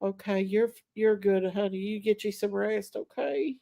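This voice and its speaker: A woman's voice: medium pitch, moderate pace, creaky, dark tone, no echo. A middle-aged woman, hosting a casual live stream and talking to her viewers in an emotional, affectionate way. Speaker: livestream host.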